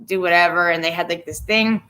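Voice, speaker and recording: A woman's voice: fairly low pitch, steady tone, fairly quick, sharp tone. A woman from Florida hosting a casual chat, talking bluntly and swearing a lot. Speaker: host.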